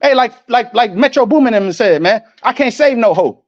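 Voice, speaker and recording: Man with a high-pitched voice ranting like a street preacher, heated and profane, on a muffled, dry recording. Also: expressive, normal speed, no room sound. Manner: angry, profane, preachy, quotes scripture. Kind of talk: ranting religious monologue.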